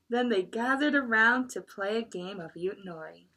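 A woman librarian reading a picture book aloud at children's story time, expressive and adding chatty asides for the kids. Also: fairly high pitch, normal speed, slightly rough.

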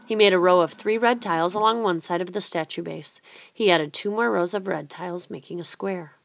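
A woman's voice: fairly low pitch, brisk, gravelly, dry recording. Woman reading a children's story aloud. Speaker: storybook reader.

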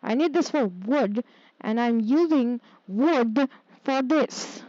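A woman's voice: a little high, animated, slow, warm tone, no room sound, muffled recording. A woman playing a city-building game, talking to herself casually and getting exasperated when things go wrong. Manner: muttering to herself, easily exasperated. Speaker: gaming streamer. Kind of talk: casual gameplay commentary.

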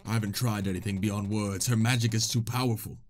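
A man voicing a grave, brooding male knight from a video game, reading the lines slowly and solemnly. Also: lowish voice, steady tone, pitched below the performer's own voice, natural voice. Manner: slow, solemn, dramatic reading.

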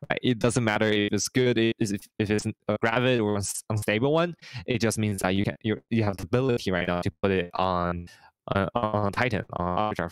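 Male host, casual stream commentary, low and smooth voice, dry close sound, hesitant. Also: dry recording, low-quality recording. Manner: hesitant, full of fillers and restarts.

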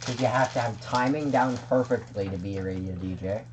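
A man's voice: medium pitch, fairly quick, a little hiss or hum. A man co-hosting a card unboxing who jokes around and plays confused. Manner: joking, teasing, mock-confused. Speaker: co-host. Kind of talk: casual card unboxing chat.

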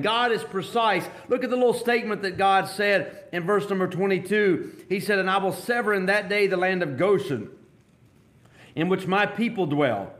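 Emphatic high-voiced preacher man, echoey church. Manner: emphatic, swings between loud high bursts and low drops. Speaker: pastor. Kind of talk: sermon.

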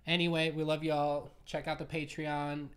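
A man co-hosting a podcast live stream, chatting casually in a relaxed, rambling, sleepy way. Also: on the high side, normal speed, clear, resonant tone. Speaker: podcast co-host.

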